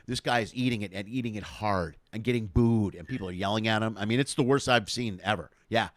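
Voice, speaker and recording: Fast-talking, profane comedian from Chicago. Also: male voice, on the low side, no room sound. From Chicago, USA. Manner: profane, animated, laughing as he tells stories. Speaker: comedian and show host. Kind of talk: casual conversational storytelling. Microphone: video call.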